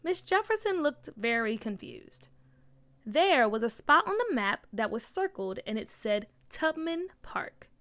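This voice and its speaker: A woman reading a children's story aloud in an expressive, lively way. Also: a little high, unhurried.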